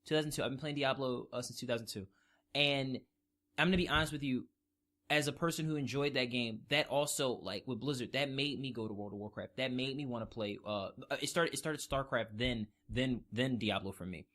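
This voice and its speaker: A man's voice: mid-range voice, fairly quick, a bit bright. A man co-hosting a podcast, ranting in casual chat with heavy profanity. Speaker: podcast co-host.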